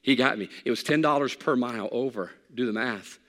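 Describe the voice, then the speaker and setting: A man's voice: medium pitch, a little fast, a bit bright. A man preaching a sermon as pastor, telling folksy stories and rising with emphasis at key points. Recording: long hall reverb.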